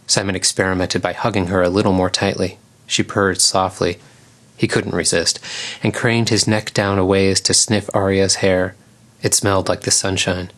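A man with a fairly low voice reads an audiobook story, calm and measured, steady from line to line. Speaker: narrator. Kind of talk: audiobook narration.

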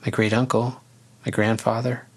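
A man reading a story aloud, voicing a solemn, thoughtful young girl in a soft, earnest way. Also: on the low side, flat delivery, moderate pace, breathy edge. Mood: wistful.

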